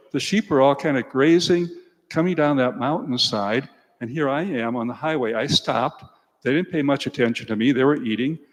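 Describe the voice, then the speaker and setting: An older priest gives a homily in a church with a long reverb. He tells stories from farm life in a relaxed, folksy way and speaks to the children at mid pitch. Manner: folksy storytelling, talks to children.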